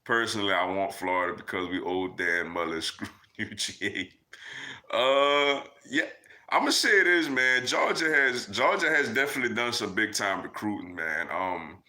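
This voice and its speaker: A young man with a mid-range, expressive voice, bright and forceful, speaks at a moderate pace. Answering his livestream chat, he reads comments and talks casually, using "man" and "yo" over and over.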